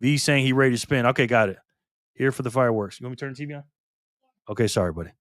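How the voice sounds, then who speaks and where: An older man hosting a casual live stream, reading comments aloud in a chatty, excitable way. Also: medium pitch, racing, no room sound, studio quality. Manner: chatty, excitable, laughs often.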